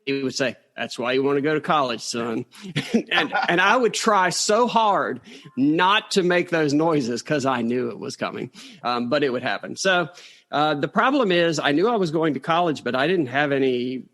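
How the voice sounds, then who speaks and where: A man's voice: fairly high pitch, lively intonation, normal speed, a bit bright. A middle-aged man with a rural Virginia accent, a guest telling stories about his past with self-deprecating humor and chuckles. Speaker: guest, author. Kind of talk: casual storytelling interview.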